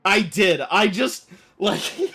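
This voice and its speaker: A man streaming a game, telling a story in an animated, rambling way full of fillers. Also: high voice, slow, husky. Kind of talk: casual storytelling while playing.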